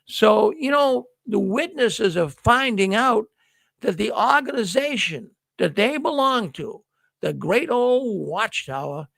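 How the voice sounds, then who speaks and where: A man's voice: high-pitched, lively intonation, slow pace, creaky, fairly bright tone, no room sound. A middle-aged man hosting a news livestream, talking casually to viewers in a folksy storytelling way and acting out the dialogue he quotes.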